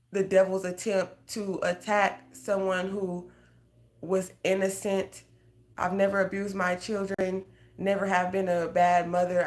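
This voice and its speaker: A woman with a somewhat low voice gives a heartfelt spoken testimony. She talks earnestly and conversationally and keeps turning to her listeners directly as a faith coach. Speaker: prophetic guidance coach. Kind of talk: emotional personal testimony.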